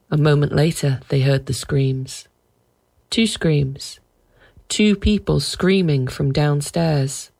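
Low-voiced woman reading a story. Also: slow, gravelly, darkish tone.

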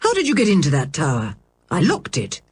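A woman reading a storybook, voicing an absent-minded, irritable middle-aged male scientist who is vague and quick to anger. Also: fairly high pitch, wildly swooping pitch, husky, no room sound, full character voice. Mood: furious. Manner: vague, then sharply cross.

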